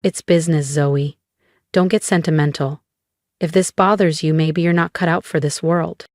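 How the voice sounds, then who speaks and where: A man's voice: on the high side, steady tone, normal speed, no room sound, studio quality, lightly acted. A woman voicing a dismissive older businessman uncle in a storybook narration, speaking coldly and condescendingly. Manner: cold, condescending.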